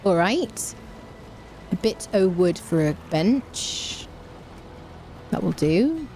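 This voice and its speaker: A very animated woman with a mid-range, slightly mellow voice stretches out her words while streaming a game. Her let's-play commentary is casual, chatty, and playful, broken up by humming little tunes, with slight background noise present.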